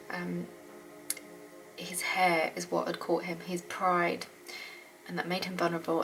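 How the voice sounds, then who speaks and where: A lowish-voiced woman hosts a Bible study, reading aloud from old scripture before commenting earnestly and sincerely as she thinks aloud. Clear background music runs beneath her voice on a low-quality recording.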